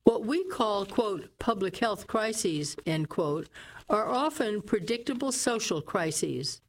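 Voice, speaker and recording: A woman reading newspaper opinion columns aloud in a steady, brisk way. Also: medium pitch, a little hiss or hum. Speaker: newspaper reader.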